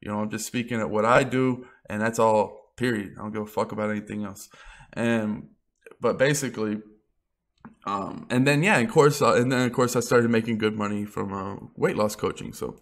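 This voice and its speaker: A man's voice: on the low side, normal speed. A young man giving an unscripted motivational rant as a vlogger, blunt and full of swearing. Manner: blunt, profane, emphatic.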